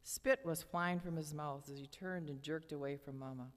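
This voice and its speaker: An older woman with a low, deep voice reads from her memoir at a church lectern. Her delivery is measured and dramatic, and a long church hall reverb trails each phrase. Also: steady tone. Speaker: memoir reader. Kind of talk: reading a personal memoir aloud.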